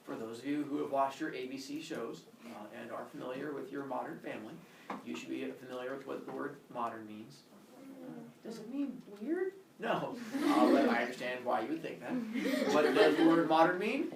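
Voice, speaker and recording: A male teacher giving a jokey, animated lecture to his class. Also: mid-range voice, fairly quick, gravelly, crowd noise. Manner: jokey, animated, lots of uh fillers and voices. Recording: echoey classroom, camera far off.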